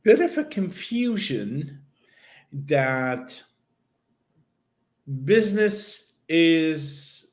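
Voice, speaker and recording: Lively, higher-voiced man hosting a talk show. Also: extremely slow, pauses often. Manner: laughs often, explains ideas step by step. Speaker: psychic medium and show host. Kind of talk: casual online talk show chat.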